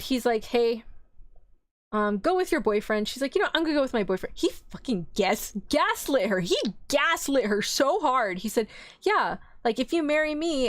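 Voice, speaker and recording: A young woman streaming a casual anime recap, acting out the characters' lines in an animated, swearing storyteller's way. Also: mid-range voice, no echo. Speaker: VTuber streamer.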